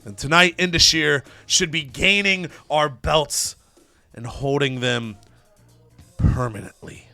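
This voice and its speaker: Man playing a proud boastful wrestler, measured delivery, declaring. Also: fairly high pitch, vocal fry, sharp tone, no echo, faint music behind, full character voice. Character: boastful male wrestler claiming the titles.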